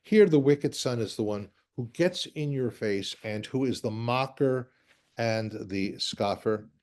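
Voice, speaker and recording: A man, a rabbi, lecturing to a class as he walks through slides. His voice sits at a medium pitch, and he keeps a conversational tone with dry, joking asides. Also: a little slow, a little mellow.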